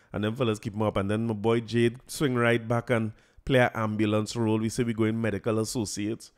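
A man with a Trinidadian accent hosting a podcast, telling a story in a lively, laughing, colloquial way. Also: mid-range voice. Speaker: podcast host. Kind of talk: casual storytelling chat.

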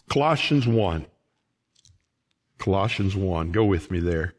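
Folksy pastor preaching slowly. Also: male voice, sits low, lively intonation. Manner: folksy, emphatic preaching with rising outbursts. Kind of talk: sermon. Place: church sanctuary.

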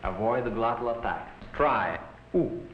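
A male language professor giving a patient, deliberate pronunciation lecture to a class. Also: mid-range voice, noisy background. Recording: muffled roomy 1960s film soundtrack.

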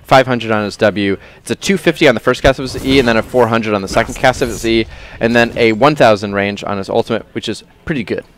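A man talking casually on a game company livestream, explaining a new character's build in detail with relaxed fillers and restarts. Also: mid-range voice, quick pace, hardly any pauses. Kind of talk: casual livestream gameplay talk. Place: studio at a game company, live stream.

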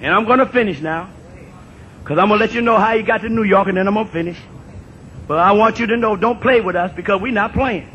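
An older man in his sixties addresses an audience in a strikingly high voice. He talks emphatically, repeats his phrases and rises to shouts. The recording is dull and lo-fi, with a faint rumble underneath. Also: fast talker. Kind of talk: impassioned public talk.

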